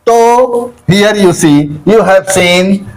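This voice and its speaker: Man, Indian English accent, Hindi speaker, high voice, very slow, spells and repeats words, classroom teacher. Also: rough recording. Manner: spells words letter by letter, repeats often, calls listeners "dear". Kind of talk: slow classroom pronunciation lesson.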